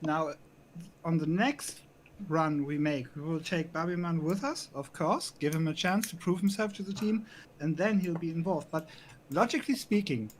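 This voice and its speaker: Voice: mid-range voice, normal speed, slight background noise, low-quality recording. A player in a tabletop game, blunt and arguing logically. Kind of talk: casual tabletop play.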